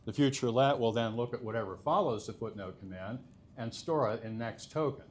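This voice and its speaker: A man's voice: mid-range voice, a little mellow, a little hiss or hum. A man presenting a technical conference talk, explaining step by step with frequent filler sounds. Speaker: conference speaker.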